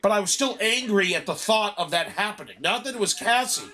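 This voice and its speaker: A man chatting casually with a friend while playing a video game, telling an animated story full of swearing. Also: sits high, a little fast. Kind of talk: casual chat.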